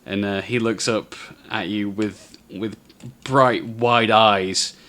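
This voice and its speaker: A man narrating a tabletop game as game master, telling the scene in an unhurried, descriptive way. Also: on the low side, steady tone, bright, forceful tone.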